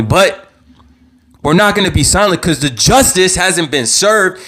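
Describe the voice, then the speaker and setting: A man hosts his own live talk stream in a heated, passionate rant. His voice sits a bit high for a man, and he keeps doubling back on words and swearing as he works himself up. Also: lively intonation, moderate pace, fairly bright tone. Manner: worked up, repeats himself, swears. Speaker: show host. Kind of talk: impassioned live commentary. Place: own channel livestream.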